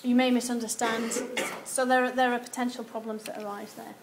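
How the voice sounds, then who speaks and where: A woman giving a university lecture, animated and acting out example replies. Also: on the high side, moderate pace. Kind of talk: lecture on research methods. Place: lecture hall. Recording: echoey lecture room with some background noise.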